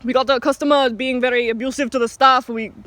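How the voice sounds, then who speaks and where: A woman's voice: sits high, fairly even intonation, fast talker, a bit bright, no echo. A woman voicing a polite male shop manager with a put-on Indian accent, calling the police. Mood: formal.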